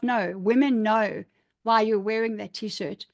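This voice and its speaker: A woman's voice: a little high, fairly even intonation, moderate pace. A middle-aged woman coaching a live online workshop, upbeat and emphatic, encouraging participants as she reads out their comments. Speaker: image coach.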